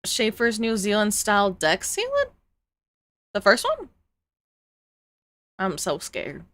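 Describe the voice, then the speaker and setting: A woman's voice: mid-range voice, wildly swooping pitch, takes it slowly, a bit bright, no echo. A woman streamer chatting live while reacting to videos, rambling and exclaiming.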